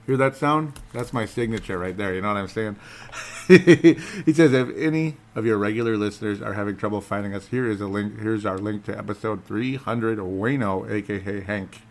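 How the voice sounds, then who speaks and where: A man with a fairly low voice talks to his listeners in a loose, rambling way. He jokes at his own expense and wanders off topic in a casual solo podcast. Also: brisk. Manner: rambling, self-deprecating, jokey. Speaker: podcast host.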